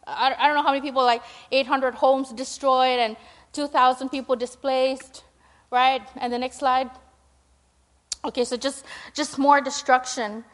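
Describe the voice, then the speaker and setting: Young woman with a high voice preaching casually, lots of "um" and "right?". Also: level tone, normal speed. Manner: chatty, full of fillers and "right?"; acts out her own prayers in a higher, louder voice. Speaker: speaker at a church gathering. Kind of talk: informal sermon with slides.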